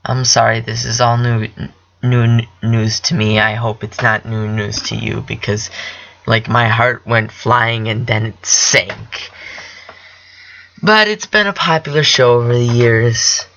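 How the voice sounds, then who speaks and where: A young man hosting his own podcast, chatting about TV shows in a rambling, excitable way and correcting himself often. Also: mid-range voice, measured pace, vocal fry, dull audio. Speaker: podcast host. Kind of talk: casual solo chat about TV shows.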